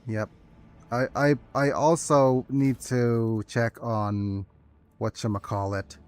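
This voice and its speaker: A man playing through a strategy game, talking softly and hesitantly as he reads menus and plans quests. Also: fairly even intonation, takes it slowly. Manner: soft low-key delivery, calling it his ASMR voice. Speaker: gaming video host. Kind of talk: let's play commentary.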